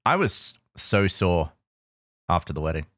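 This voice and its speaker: A man's voice: low-pitched, sing-song, unhurried, fairly bright tone, dry recording. Rambling, laughing podcast man, dry mic. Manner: rambling, stops and restarts with laughs. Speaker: podcast co-host. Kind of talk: casual podcast chat.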